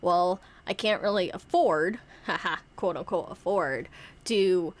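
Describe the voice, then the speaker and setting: A woman's voice: fairly low pitch, a little slow. A young woman streamer chatting casually in a playful, rambling way, often interrupting herself as she acts out skits with her toys. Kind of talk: casual chat.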